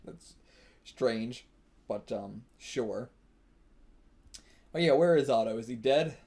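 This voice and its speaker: A man of middle pitch reacting live to a manga as he reads. He thinks out loud in a loose, casual way, chuckles a lot and drops the odd curse. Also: animated, slow pace, vocal fry. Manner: casual, thinks aloud, laughs often, swears. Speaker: manga reaction channel host. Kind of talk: live reaction while reading manga aloud.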